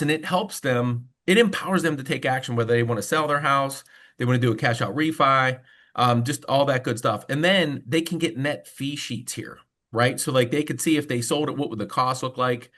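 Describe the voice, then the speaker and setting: A man's voice: medium pitch, moderate pace, sharp tone. A man who works as a mortgage loan officer, presenting on a video call webinar in a casual storytelling way with frequent fillers.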